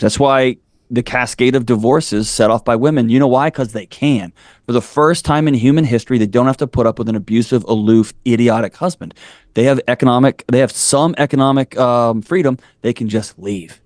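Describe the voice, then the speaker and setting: In a studio-quality recording with no echo, a podcast guest in his forties speaks candidly in interview-style storytelling. His medium-pitched, darkish voice moves at normal speed, and he builds his blunt points up with the fervor of a preacher.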